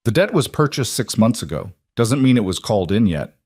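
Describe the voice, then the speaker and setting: A man reads a feared cowboy who talks quietly and with care. His voice sits low and sounds close and dry. Plain words, few flourishes, a storybook western hero. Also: big pitch swings, fairly quick, husky, no room sound, heavily acted. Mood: quiet, earnest. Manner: quiet, careful, plain-spoken.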